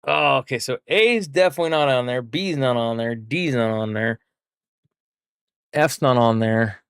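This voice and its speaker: A man's voice: medium pitch, normal speed, clean tone, dry recording, studio quality. A man streaming a game, chatting with viewers and thinking aloud as he works through a puzzle. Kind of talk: casual live gameplay chat.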